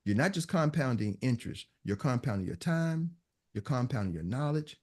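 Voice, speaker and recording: A man's voice: mid-range voice, expressive, normal speed, darkish tone. A man giving a business coach's motivational talk to a live online audience, emphatic and preachy, hammering his points home through repetition. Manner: emphatic, preachy, repeats punchlines.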